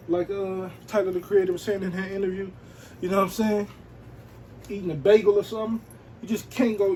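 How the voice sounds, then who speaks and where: Laid-back man, slightly high voice. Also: mellow, a little hiss or hum, rough recording. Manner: laid-back, slangy, peppered with "you know what I'm saying". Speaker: sneaker and streetwear vlogger. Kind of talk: casual show-and-tell.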